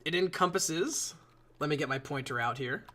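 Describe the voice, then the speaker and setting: A man streaming live, talking to his chat in a loose, rambling way with casual swearing. His voice sits a little high for a man and sounds bright and forceful. He drifts between explaining his build and chatting with viewers. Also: normal speed. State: yawning a lot.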